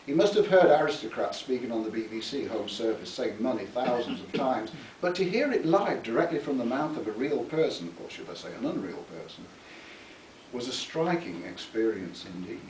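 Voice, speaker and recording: Male author doing a live reading. Lively, theatrical delivery, heard from a distance in an echoey room. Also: medium pitch, normal speed, slight background noise. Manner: theatrical, relishing words, chuckling at his own lines. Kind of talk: reading from his book with spoken asides. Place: public library talk. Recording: echoey room, mic far off.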